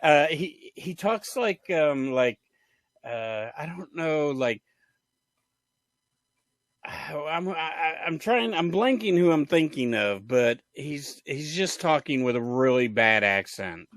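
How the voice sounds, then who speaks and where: This is a man co-hosting a movie podcast, chatting casually. His voice sits a little high, and he rambles through plot points with false starts and laughs. The sound is dry and close, with no room around it. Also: expressive, takes it slowly, fairly bright tone, no echo. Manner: rambling, trails off and restarts, laughs at bad lines. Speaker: podcast co-host. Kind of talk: casual movie review chat.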